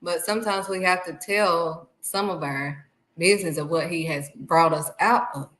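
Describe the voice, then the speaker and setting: A woman giving a casual, animated faith talk, speaking straight to her viewers. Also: on the low side, normal speed, reverberant, poor audio. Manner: animated, acts out excited voices and exclamations; talks straight to viewers, calling them honey. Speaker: faith vlogger.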